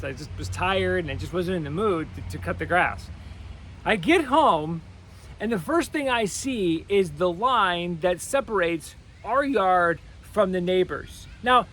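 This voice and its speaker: A man's voice: sits high, fairly bright tone. A middle-aged man giving a devotional talk as a preacher, telling a story in a conversational, rambling way with frequent restarts.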